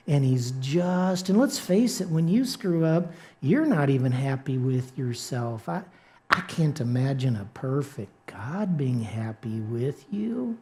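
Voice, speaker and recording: Here is a wheedling devil, as a preacher puts him on, hushed and sweet-talking, who calls the listener sweetheart. He drawls each word slowly, sly and coaxing. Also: sits high, full character voice.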